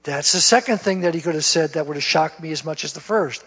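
A man's voice: fairly high pitch, fast talker, few pauses, fairly bright tone, breathy edge. A man telling his conversion story in a sermon testimony, folksy and laughing at himself. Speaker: guest speaker giving testimony. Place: church. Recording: dull lo-fi church recording with long reverb.

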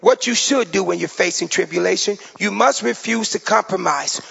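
High, raspy-voiced preaching man. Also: moderate pace. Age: 40s. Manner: animated, loud, with sing-song preaching. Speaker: pastor. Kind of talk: sermon. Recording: reverberant hall, dull lo-fi sound.

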